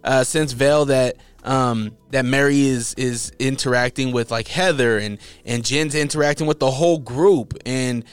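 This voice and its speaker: A man hosts a casual interview, feeling his way through questions with many restarts. His voice is smooth and resonant at a middling pitch. The sound is dry and close. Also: steady tone, unhurried, few pauses, no room sound. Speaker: interview host.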